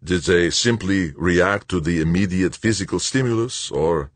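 A man's voice: low-pitched, moderate pace, no room sound. A man playing a formal, puzzled doctor. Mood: pondering. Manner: formal, pondering. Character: older male doctor, puzzled and brooding.

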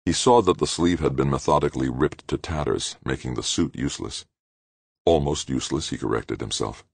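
A man narrating an audiobook in a steady, measured reading. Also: extremely low pitch, vocal fry, slightly rough, no room sound. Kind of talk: scripted narration.

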